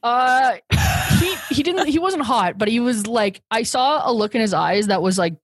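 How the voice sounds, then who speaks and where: A woman's voice: a little high, expressive, normal speed. A young woman telling a rambling story in casual chat, laughing often and acting out what others said.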